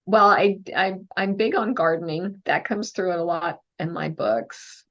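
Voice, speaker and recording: A woman with a Texan accent, a mystery novelist answering interview questions in a thoughtful, casual way with many pauses and fillers. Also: medium pitch, lively intonation, creaky, fairly bright tone, muffled recording. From Texas, USA.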